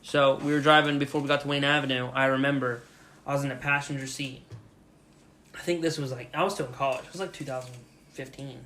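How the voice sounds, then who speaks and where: A young man co-hosting a podcast, telling a story casually and with lots of swearing, shouting out the lines he quotes. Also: mid-range voice, quick pace, a little hiss or hum. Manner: profane, animated retelling with loud shouted quotes. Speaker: podcast co-host.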